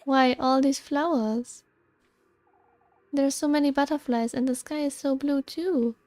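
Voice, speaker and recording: A woman's voice: high voice, steady tone, unhurried, darkish tone, no room sound, voice pushed up. A woman reading as a gushing dreamy young woman. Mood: delighted. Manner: gushing, reading game dialogue aloud. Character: cheerful dreamy young woman, easily delighted.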